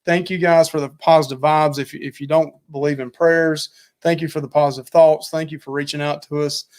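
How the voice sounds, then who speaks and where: A man's voice: fairly high pitch, flat delivery, fairly quick. Chatty middle-aged man hosting a live stream. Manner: chatty and rambling, often thanking viewers. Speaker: co-host of a live cooking and travel stream. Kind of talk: casual live-stream chat.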